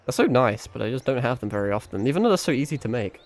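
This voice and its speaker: A man's voice: mid-range voice, very animated, rapid-fire. A British man with an accent that carries hints of American and South African, chatting on a game stream in a playful, rambling way, swearing freely and laughing often. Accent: British, with mixed American and South African hints. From Britain. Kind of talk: casual game stream chat.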